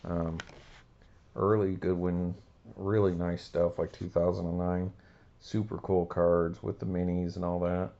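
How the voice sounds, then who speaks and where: A man's voice: low voice, flat delivery, a little slow, gravelly, mellow, dull audio. A man hosting a casual card-opening video, talking in a rambling, laid-back way. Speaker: card-collecting channel host.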